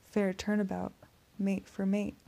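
A woman voicing a suave male vampire in an audiobook, speaking in a soft, courteous, menacing purr. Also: mid-range voice, monotone, a little slow, creaky. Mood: silky menace. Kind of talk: audiobook character reading.

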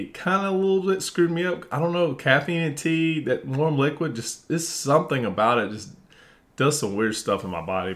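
A man talking alone to camera in a casual, blunt monologue, animated and swearing at times. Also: on the low side. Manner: animated, mimics others in quoted voices, swears; frustrated and blunt when venting. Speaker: vlogger.

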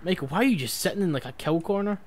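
Lively, teasing gamer guy. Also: high-pitched, racing, a little hiss or hum. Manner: teasing, swears freely, laughs often. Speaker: let's play host. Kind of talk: casual gaming banter.

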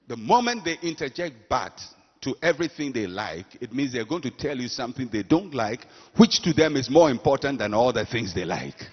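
A man's voice: mid-range voice, big pitch swings, moderate pace, slightly rough, big-room sound, dull audio. A man preaching a sermon as pastor, emphatic and calling for congregation responses, acting out quotes.

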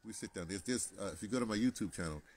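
Deep-voiced American man rambling casually. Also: very fast, darkish tone. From United States. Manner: chatty, digressive, many restarts and asides. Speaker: vlogger.

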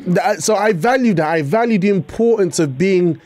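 A man hosting a casual chat show, animated and quick to laugh, sometimes breaking into sing-song. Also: high-pitched, soft background music. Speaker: host.

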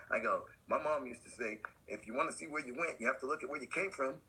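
A man guesting on a skate podcast, telling a story in animated, slangy casual talk and acting out the other people's voices. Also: quick pace, hardly any pauses, a little hiss or hum, poor audio. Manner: acts out quoted voices, swinging high and low; laid-back slangy talk with laughs.

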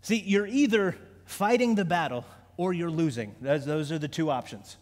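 High-voiced man preaching in a reverberant hall. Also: moderate pace, a little mellow. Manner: conversational with stammered restarts, rising to fervent prayer. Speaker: pastor. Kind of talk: sermon. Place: church sanctuary.

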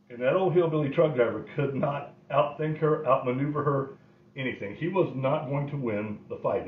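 A middle-aged man telling rambling stories in a wry way, often chuckling. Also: mid-range voice. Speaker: host. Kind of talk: casual storytelling. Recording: roomy, slightly dull recording.

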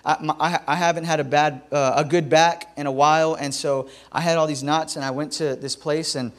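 A man's voice: a little high, fairly even intonation, brisk. A young male pastor preaching a sermon in a church, telling stories in a conversational, humorous way.

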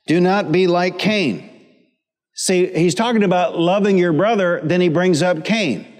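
A middle-aged pastor with a high-pitched, unhurried voice delivers a sermon full of humor and repetition, calling on the congregation to answer back. He speaks in a church sanctuary, and the recording carries a long church hall reverb.

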